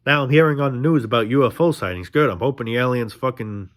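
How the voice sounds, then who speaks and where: A man's voice: medium pitch, quick pace. A young man ranting in a casual vlog monologue, frustrated and profane, rambling with restarts. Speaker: vlogger.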